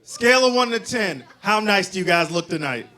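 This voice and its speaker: A man emcees a live comedy night, hyping the room and bringing up acts. His voice sits very high and swings about with lively range. He talks into a handheld mic on a bar stage. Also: moderate pace. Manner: upbeat crowd hype, introducing acts. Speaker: show host, emcee. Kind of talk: emceeing, crowd work.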